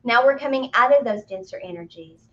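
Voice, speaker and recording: Animated woman teaching spiritual ideas. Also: a little high, a little fast. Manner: animated, playful exclamations. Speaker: spiritual medium co-host. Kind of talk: casual spiritual teaching talk. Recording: muffled lo-fi audio.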